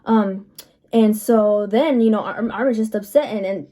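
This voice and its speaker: Mellow-voiced woman doing a casual rambling recap, lots of "like"s. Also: mid-range voice, measured pace. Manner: chatty, loose storytelling with many fillers. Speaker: anime reviewer.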